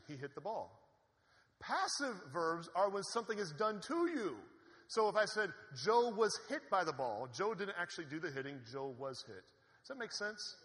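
A man preaching a sermon in an animated, conversational way, with asides to the congregation. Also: sits high. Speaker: pastor. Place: church sanctuary. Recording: long hall reverb.

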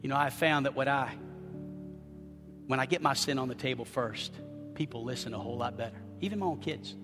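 A man preaching as a pastor, swinging from quiet, confessional talk to loud, shouted passages. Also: medium pitch, brisk, long reverb tail, over music. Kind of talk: sermon.

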